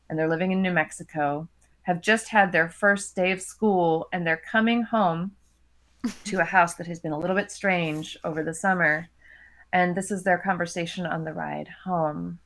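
A woman's voice: on the low side, fairly even intonation, moderate pace, a bit bright. A woman with an American accent, an author chatting animatedly and reading her own novel aloud.

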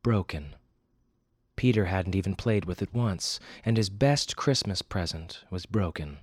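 A man hosting a podcast and reading a story aloud with expressive, wry delivery. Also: low voice, measured pace, husky, no room sound, studio quality. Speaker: podcast host and narrator. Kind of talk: storybook narration.

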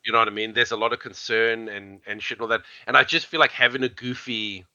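Animated rambling man with a bright voice. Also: mid-range voice, fast talker, no echo, lo-fi sound. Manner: rambling, animated, many fillers. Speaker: podcast co-host. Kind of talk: casual chat.

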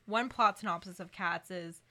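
A woman's voice: fairly low pitch, moderate pace, crowd noise. Woman making dry, wry quips. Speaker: podcast co-host. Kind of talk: casual chat.

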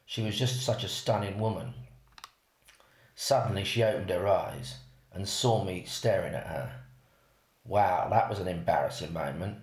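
A man, reading a first-person story aloud in an unhurried way. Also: low-pitched, a little mellow. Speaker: narrator. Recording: roomy echo.

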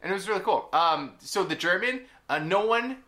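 A man co-hosting a casual chat, relaxed and chatty as he shares trivia. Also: sits high, moderate pace. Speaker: podcast co-host.

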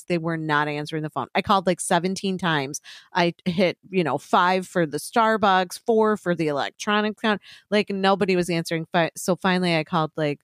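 A woman's voice: fairly low pitch, no echo, clean studio sound. A woman co-hosting a podcast in casual chat, swearing freely, laughing often and telling stories with energy. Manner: profane, laughs often, animated storytelling. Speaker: podcast co-host.

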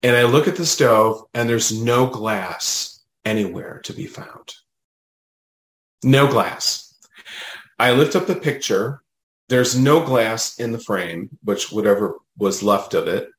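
A man, a guest medium, telling a personal story in a casual, animated way, often adding "you know" and "right?". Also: medium pitch, slow pace, echoey room.

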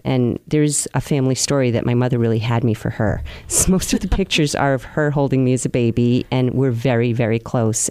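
A woman's voice: extremely low pitch, dry recording. Earnest woman telling her life story. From New England, US. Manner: earnest, open storytelling with soft pauses. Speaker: interview guest. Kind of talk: reflective conversational interview.

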